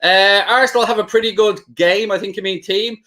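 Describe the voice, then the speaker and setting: Chatty bantering football stream host. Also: male voice, sits high, steady tone, brisk, bright, forceful tone. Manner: chatty, bantering, reads out viewer comments. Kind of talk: live stream football chat.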